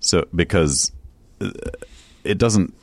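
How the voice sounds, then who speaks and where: A man's voice: low-pitched, takes it slowly, dry recording. A man co-hosting a comedy podcast, talking in a dry, matter-of-fact way in casual banter. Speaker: podcast co-host.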